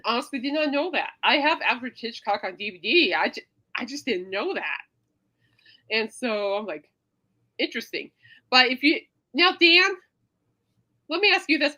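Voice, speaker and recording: A woman hosts a casual, rambling podcast livestream, wandering through stories with lots of fillers and dramatically re-enacting her own reactions. Her fairly high voice swings widely, animated and expressive the whole way through.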